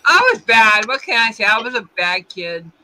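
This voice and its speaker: A woman's voice: on the high side, sing-song, normal speed, pushed and bright, no echo, poor audio. A woman chatting casually on a livestream, telling rambling stories with lots of giggles. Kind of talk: casual chat.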